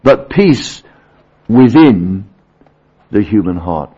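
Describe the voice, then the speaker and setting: A man preaching a sermon, earnest, swinging between emphatic peaks and quiet low passages. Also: sing-song, slow, husky. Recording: dull lo-fi sermon recording.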